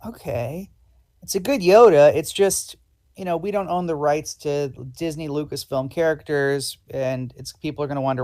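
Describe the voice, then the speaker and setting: A man's voice: on the high side, moderate pace, darkish tone. Man hosting a live improv show. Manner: polite, hesitant with many ums. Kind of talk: hosting live improv, playing a casting director.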